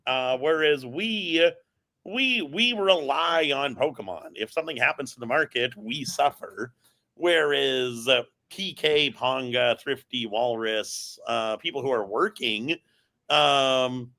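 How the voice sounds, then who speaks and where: Slow-talking man with a lively, bright voice. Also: medium pitch. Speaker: co-host of a card-collecting livestream. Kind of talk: casual livestream chat.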